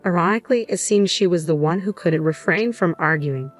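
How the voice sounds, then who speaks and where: A woman narrating a first-person story in an even, measured reading, over faint music. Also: on the low side.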